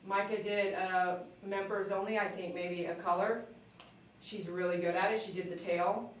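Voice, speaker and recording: A woman's voice: medium pitch, fairly even intonation, moderate pace, slight background noise. Chatty woman groomer in an echoey room. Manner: chatty, talks to the dog in a sing-song coaxing voice. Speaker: dog groomer. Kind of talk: casual live-stream chat while grooming. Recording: very echoey room, mic at a distance.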